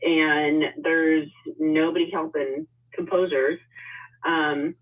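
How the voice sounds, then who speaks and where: A woman's voice: low-pitched, little pitch movement, slow pace. A woman introducing herself on a casual video call, friendly, with many ums and light laughs. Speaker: financial services guest. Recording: tinny phone-like call audio.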